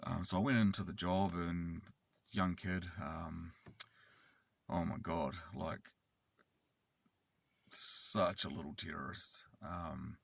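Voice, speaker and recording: A man's voice: deep voice, little pitch movement, takes it slowly, creaky, long pauses, fairly bright tone, no echo, far from the mic. A man, rambling and swearing as he tells a casual story in a car. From New Zealand. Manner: rambling, sweary, with many fillers. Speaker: vlogger. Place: inside a car.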